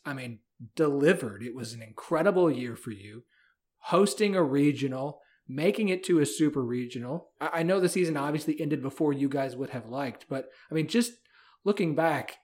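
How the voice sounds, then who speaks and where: A man hosting a college sports podcast, talking enthusiastically in a loose, rambling way with fillers. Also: fairly high pitch. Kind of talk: casual sports talk.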